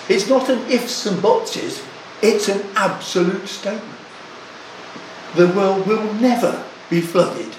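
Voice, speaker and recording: An older man preaching a sermon, deliberate and emphatic, leaning hard on single words. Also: high voice, echoey room, slight background noise, poor audio.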